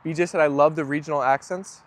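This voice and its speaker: A young man with a voice a little higher than most men's hosts a relaxed livestream. He talks in an easy, chatty way, reads out viewer comments and agrees with them warmly. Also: quick pace. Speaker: livestream host. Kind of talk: casual chat reading viewer comments.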